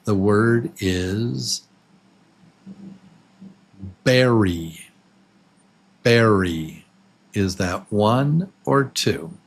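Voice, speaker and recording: A man teaching English to absolute beginners, patiently repeating words slowly and counting syllables with the listener. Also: fairly low pitch, creaky. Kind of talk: slow, clearly spoken beginner English lesson.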